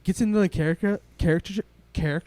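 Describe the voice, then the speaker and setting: A young man, co-hosting a podcast and telling a long story in a rambling, excitable way, swearing often. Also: high voice, quick pace, no room sound. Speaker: podcast co-host. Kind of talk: casual storytelling chat.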